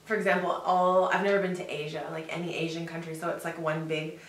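A woman's voice: lowish voice, little pitch movement, quick pace, far from the mic. A young adult woman with an American accent, a guest chatting casually in a laid-back way and laughing often. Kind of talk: casual chat. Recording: echoey room, off-mic.

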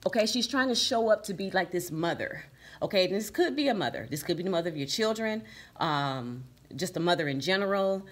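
A woman's voice: lowish voice, expressive, brisk. A woman reading tarot cards for her viewers, emphatic and repeating "okay?" and "right?" as she goes. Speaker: tarot reader.

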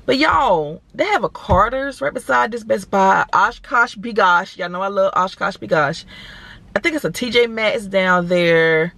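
A woman's voice: mid-range voice, a little slow, gravelly. Chatty woman vlogging from her car. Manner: chatty, animated, addresses viewers as y'all. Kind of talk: casual chat to camera.

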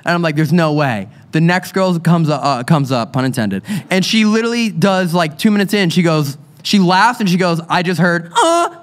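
A man hosting a live paranormal show on stage, telling a story in an animated, excitable way and laughing often. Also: fairly high pitch, moderate pace, few pauses, slight background noise. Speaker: paranormal investigator podcast host.

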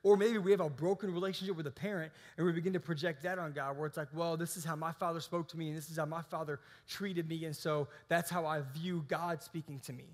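A man's voice: a little high, fairly even intonation, quick pace, few pauses, long reverb tail. A man in his thirties preaching a casual, conversational sermon, often restarting his sentences. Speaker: pastor. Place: church hall.

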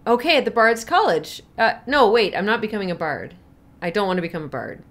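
A woman's voice: mid-range voice, big pitch swings, a little fast, a bit bright. A woman streaming a video game, playful and exclamatory, laughing and reacting as she plays. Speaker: gaming streamer. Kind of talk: live game commentary.

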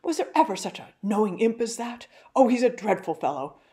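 A woman's voice: mid-range voice, expressive, brisk, mellow, pitched above the performer's own voice, lightly acted. A woman reading the lines of a middle-aged male locksmith, exclaiming in a wondering, half-uneasy way.

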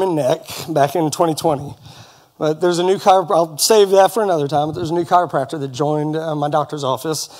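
A middle-aged congregation member shares a personal testimony at a church service. His manner is earnest and folksy with light jokes, and his voice runs a bit high for a man.

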